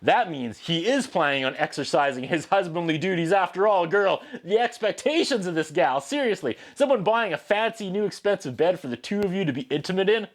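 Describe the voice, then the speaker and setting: A man in his thirties hosting a comedic movie review, sarcastic and animated, acting out the characters' lines as he recaps. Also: sits high, fairly quick, hardly any pauses. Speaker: host of a movie review show.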